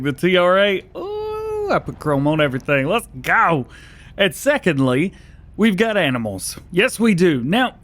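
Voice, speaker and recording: Casting note: lively, talkative male gamer, fairly high voice, casual self-joking commentary, slightly out of breath. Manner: chatty, self-joking, laughs often. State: a little out of breath, early morning. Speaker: gaming YouTuber. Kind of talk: casual let's-play commentary.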